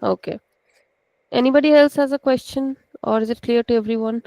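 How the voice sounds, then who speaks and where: A woman's voice: on the high side, steady tone, a little fast, warm tone, dry recording, low-quality recording. A woman with an Indian accent, a native Hindi speaker, teaching a language class over a video call and patiently checking in with her students. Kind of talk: online class lecture.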